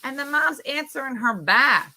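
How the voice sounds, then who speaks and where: A woman with a high-pitched voice, speaking at a moderate pace, hosts a morning show. She chats casually and tells an animated story, acting out the quoted voices.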